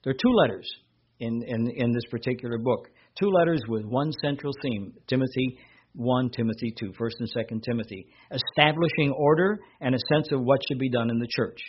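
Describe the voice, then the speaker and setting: A man preaching a sermon as a pastor, rising in pitch and volume whenever he reads scripture aloud. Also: a little fast, husky, muffled recording.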